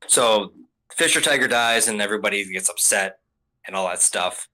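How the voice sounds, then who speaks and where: A man's voice: on the low side, moderate pace, pushed and bright, rough recording. A young adult man hosting a casual review show, rambling through a recap with many fillers and some swearing. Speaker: podcast host.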